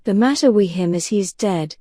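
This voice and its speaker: A woman voicing a frightened male pirate sailor in a soft bedtime audiobook reading, with a hollow, shaken manner. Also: mid-range voice, lively intonation, normal speed, no echo, clean studio sound, natural voice.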